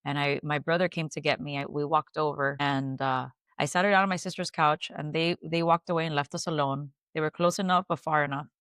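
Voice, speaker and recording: Low-voiced woman telling a painful story. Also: fairly even intonation, smooth, no room sound. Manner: halting, with restarts and soft fillers. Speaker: guest. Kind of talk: emotional personal storytelling.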